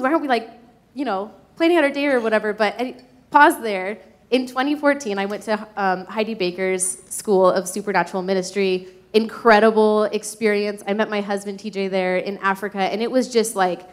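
A woman in her thirties sharing a personal testimony, chatty and heartfelt, acting out quotes from her own life. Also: fairly high pitch. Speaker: mother sharing a church message. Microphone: speaking from notes.

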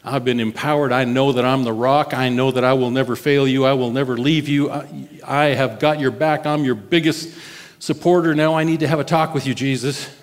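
A man's voice: mid-range voice, fairly even intonation, a little fast, in a large hall, lightly acted. A man preaching and voicing an impulsive, loyal disciple who protests to his teacher. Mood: pleading. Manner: pleading and protective.

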